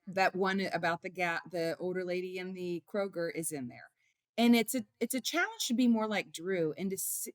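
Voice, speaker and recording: A middle-aged woman, a mother and author, telling heartfelt stories in an interview with animated feeling. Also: lowish voice, no room sound, clean studio sound. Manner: emotional, animated storytelling. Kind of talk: conversational interview storytelling.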